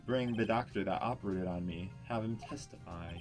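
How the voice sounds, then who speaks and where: A haughty older prosecutor, scornful and cold, with a low voice, as a man puts him on. Loud music plays behind him. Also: fairly quick, close to an everyday voice. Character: proud stern older male prosecutor. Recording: voice over loud background music.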